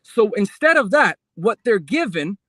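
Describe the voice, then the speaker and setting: A man's voice: high-pitched, big pitch swings, measured pace, fairly bright tone, no echo. A man calling into a livestream, lecturing about politics and insisting on finishing his point over the host. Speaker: caller. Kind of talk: political rant.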